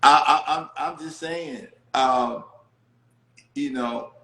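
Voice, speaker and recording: Male host, slow and easygoing, teasing, voice echoing in a room. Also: medium pitch, sharp tone. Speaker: show host. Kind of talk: livestream interview. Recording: echoey room.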